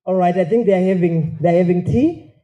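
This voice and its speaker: A man's voice: high voice, normal speed, warm tone. A man with a Zimbabwean accent running the order of a formal event, informal and hesitant, with many ums.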